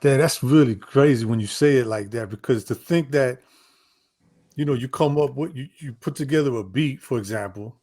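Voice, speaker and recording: A man's voice: mid-range voice, normal speed, darkish tone. A man hosting a casual interview, agreeable and curious, often answering "right, right".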